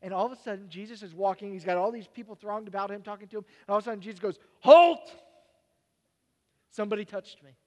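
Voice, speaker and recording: Male pastor preaching, high voice, lively then quiet and halting, echoing hall. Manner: animated storytelling, dropping to quiet, halting personal reflection. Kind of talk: sermon. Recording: long hall reverb.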